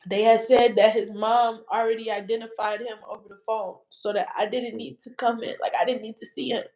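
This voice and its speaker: A woman's voice: on the high side, steady tone, fairly quick, darkish tone, rough recording. A woman being interviewed, telling a personal story in a rambling, emotional way with many fillers. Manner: rambling, emotional retelling full of "like". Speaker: interview guest.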